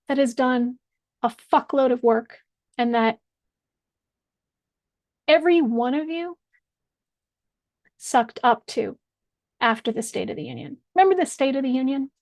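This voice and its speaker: A high-pitched woman speaks slowly and deliberately, hammering home each point in an angry, profane rant. She talks straight to camera, and her voice sounds close and dry. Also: a little mellow, dry recording. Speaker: political commentator. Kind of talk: direct-address video rant.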